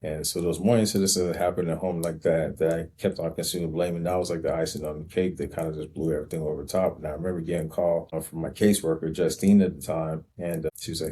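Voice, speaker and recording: A man hosting his own show, slowly and reflectively recounting his life story with frequent pauses and ums. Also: extremely low pitch, little pitch movement, warm tone, breathy edge. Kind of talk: personal storytelling monologue.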